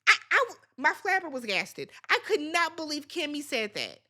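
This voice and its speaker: A woman's voice: high-pitched, big pitch swings, normal speed, sharp tone. A woman hosting a reality TV recap, talking casually and bluntly, swearing freely as she gives her opinions.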